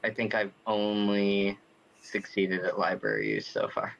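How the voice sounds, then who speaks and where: A man playing in a tabletop game, relaxed and easygoing in casual chat. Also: lowish voice, unhurried, creaky, muffled recording. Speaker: player.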